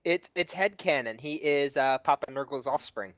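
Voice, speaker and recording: A man's voice: mid-range voice, moderate pace, a bit bright, no room sound. A man co-hosting a podcast, teasing the others in casual banter. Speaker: podcast co-host.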